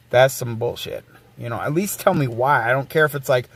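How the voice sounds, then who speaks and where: A man's voice: mid-range voice, moderate pace, no echo. A man hosting a casual livestream, rambling and swearing freely as he reads and answers chat messages aloud. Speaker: livestream host.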